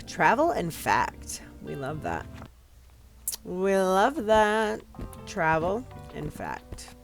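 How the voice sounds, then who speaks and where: A woman hosting a casual gameplay video, chatting and reading game text aloud with sudden excited outbursts. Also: fairly low pitch, slow, faint music behind. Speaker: gaming video host.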